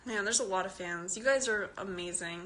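A woman's voice: medium pitch, brisk, a bit bright, slight background noise. A fourteen-year-old girl from Canada, giggling and chatting as she reads out and answers fans' questions on a phone live stream. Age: teen.

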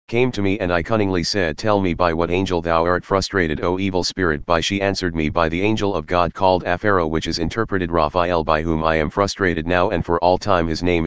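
A man reading an ancient text aloud in a solemn, steady, archaic manner. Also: sits low, clear, resonant tone, dry recording, dull audio. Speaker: narrator.

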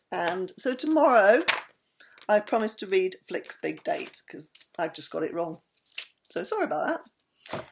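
An older woman speaks to her grandchildren in a chatty, affectionate way before reading them a bedtime story. Her voice rises and falls in a lively way, and she pauses with small fillers as she goes. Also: mid-range voice.

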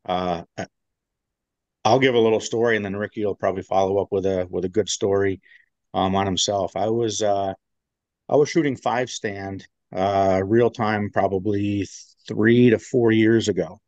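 A man's voice: lowish voice, fairly even intonation, moderate pace, darkish tone, dry recording, highs cut off. A man, a military veteran, telling a long story in a casual interview, rambling with many fillers and restarts. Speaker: guest, veteran.

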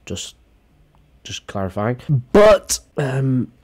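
Man, crude sarcastic jokes, casual reaction commentary, mid-pitched voice. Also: sing-song, very slow, a little mellow. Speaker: YouTuber reacting to a video.

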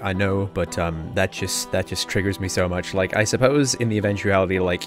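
An Australian man with a somewhat low voice, chatting loosely about his game with plenty of trailing asides. He hosts an after-show with friends. Faint music sits under the talk. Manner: rambling, chatty. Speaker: player hosting a podcast after-show. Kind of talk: casual chat.

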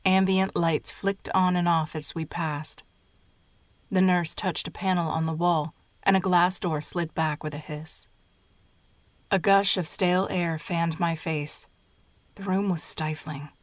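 A woman reading a literary short story aloud in a steady, measured way. Her voice is on the low side and sounds close and dry, with no room around it. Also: dry recording. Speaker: narrator. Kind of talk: scripted narration of a short story.

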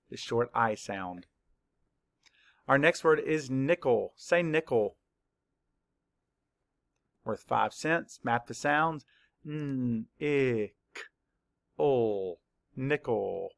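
Guy teacher going super slow thru spelling words, kinda gravelly, dry close sound. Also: mid-range voice, fairly bright tone, dry recording. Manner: slow, patient spelling-out of letters. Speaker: third-grade teacher. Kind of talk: slow spelling lesson for children.

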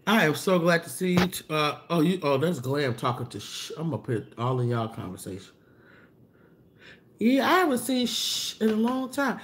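Woman livestream host, casual chat, slangy, answers comments aloud, animated greetings. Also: moderate pace. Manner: chatty, reads and answers viewer comments aloud, loose slangy talk; animated, pitch jumps up for greetings. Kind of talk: casual live-stream chat with viewers.

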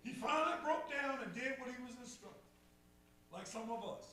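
A man's voice: very high-pitched, animated, normal speed, bright, forceful tone. A man preaching a call-and-response sermon, repeating phrases and rising in fervor. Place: church sanctuary. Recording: echoey church from far off, faint hum.

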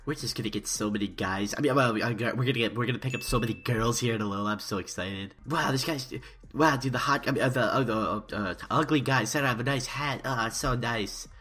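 A man's voice: mid-range voice, fast talker, fairly bright tone. A young man doing parody let's-play commentary, stammering and overhyped in a mock-earnest way. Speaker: YouTuber.

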